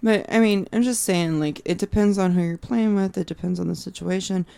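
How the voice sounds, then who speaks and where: A low, gravelly woman's voice, a musician in her thirties chatting on a podcast. She talks in an animated, loose way, drops curse words without a pause and slips into the voices of friends she quotes. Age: 30s. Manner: animated, swears freely, acts out quoted friends. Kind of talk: casual chat.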